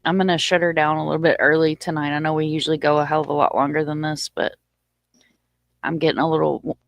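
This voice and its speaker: A woman with a somewhat low voice chats loosely with her live viewers, sounding slightly winded. The sound is close and dry, with no room echo. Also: level tone, quick pace, creaky. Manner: chatty and informal, talking to viewers. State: a little short of breath. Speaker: livestream host. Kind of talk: casual livestream chat.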